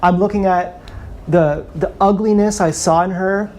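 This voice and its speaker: A man's voice: high-pitched, steady tone, a little slow, darkish tone, a little hiss or hum. A man ranting bitterly and with contempt on a live stream, often repeating himself, filmed on an action camera. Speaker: vlogger.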